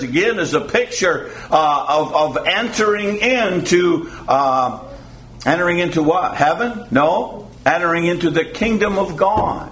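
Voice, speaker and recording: A man preaching a sermon as pastor, reading scripture slowly and deliberately, then praying and explaining it with frequent "uh" fillers. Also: a little high, expressive, fairly bright tone.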